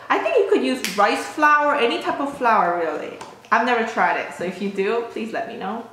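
Playful chatty mom in an echoey kitchen. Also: female voice, on the high side, expressive, moderate pace, a bit bright. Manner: playful, chatty and self-mocking, laughs often. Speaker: host, a mother cooking for her channel. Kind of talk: casual cooking and eating vlog. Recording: very echoey room with clicking noise.

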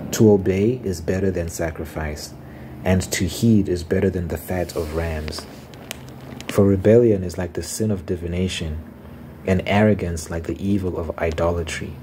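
A man reading the lines of a stern old male prophet rebuking a king, in a solemn, measured ASMR scripture reading. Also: low voice, warm tone, a little hiss or hum, lightly acted.

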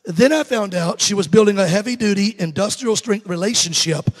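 High-voiced Southern evangelist telling jokes. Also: male voice, fairly quick, big-room sound. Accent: Southern American. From Alabama. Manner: animated, joking with the crowd. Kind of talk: sermon storytelling. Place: church sanctuary.

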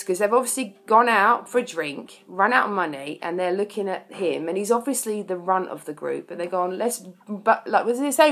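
A woman's voice: medium pitch, animated, moderate pace, a bit bright. A woman chatting casually between verses of a song she plays, explaining it with self-deprecating jokes. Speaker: amateur singer explaining a song.

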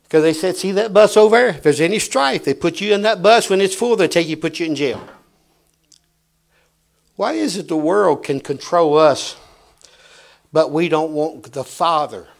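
A man preaching a fiery sermon in a church, swinging between loud shouts and quiet asides. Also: a little high, creaky. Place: church sanctuary.

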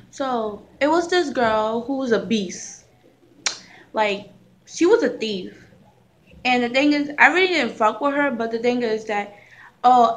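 A woman's voice: fairly high pitch, a bit bright. A young woman vlogger telling a personal story in a casual, rambling way, with slang and swearing.

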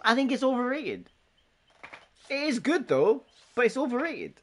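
A man's voice: extremely high pitch, sing-song, normal speed. A man casually chatting on a gaming live stream, joking, swearing and laughing often as he banters with friends and chat.

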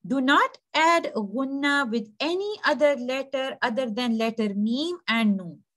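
Female teacher, a little high-pitched, calm and explanatory, models sounds slowly. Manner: patient, explanatory, demonstrates pronunciations slowly. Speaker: Quran recitation teacher. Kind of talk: tajweed lesson.

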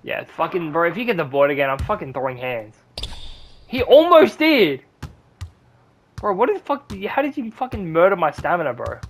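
A young man streams a basketball video game, cursing and ranting at it in frustration while mumbling asides to his chat. His voice sits on the high side and he talks fast and very animatedly, with a fairly bright tone. There's slight background noise.

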